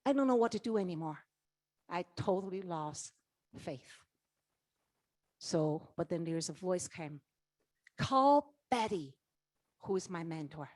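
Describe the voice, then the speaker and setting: Animated middle-aged woman giving a motivational talk. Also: lowish voice, a little slow, long pauses, no room sound, clean studio sound. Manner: animated storytelling, acts out dialogue, asks the audience questions. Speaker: network marketing leader giving a keynote. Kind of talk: motivational speech. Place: conference stage.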